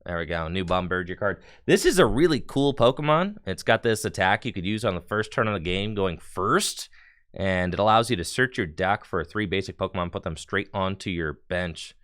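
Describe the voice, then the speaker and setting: A casual streamer man talks his way through opening card packs, loose and slangy, with bursts of enthusiasm. His voice sits slightly low but rings bright and crisp. He chats easily with his viewers throughout. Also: expressive, moderate pace. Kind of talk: casual live-stream chat.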